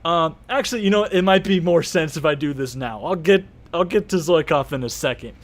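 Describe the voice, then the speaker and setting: Casting: young man, game master on a stream, rambling, slightly high voice. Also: brisk. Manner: rambling, many fillers, laughs at himself. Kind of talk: narrating a live-streamed tabletop game.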